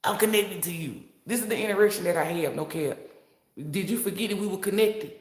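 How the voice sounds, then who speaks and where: A woman's voice: mid-range voice, brisk, a little mellow, reverberant. A woman giving a casual spiritual monologue as a tarot reader, brash, boastful and profane, laughing often.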